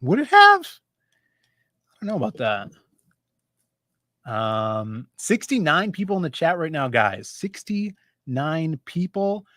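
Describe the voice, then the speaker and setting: A man's voice: fairly high pitch, sing-song, slow, long pauses, a bit bright, no room sound, studio quality. Chatty man hosting a comics stream. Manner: chatty, jumps between topics. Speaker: host of a comics livestream. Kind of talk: casual livestream chat.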